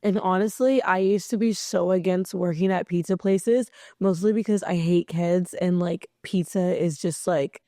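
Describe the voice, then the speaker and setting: A woman hosts her podcast alone, talking casually and rambling along with the odd swear. Her voice is hoarse and worn, and the room sounds dry and close. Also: fairly low pitch, darkish tone, no room sound. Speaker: podcast host. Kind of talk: casual solo podcast chat.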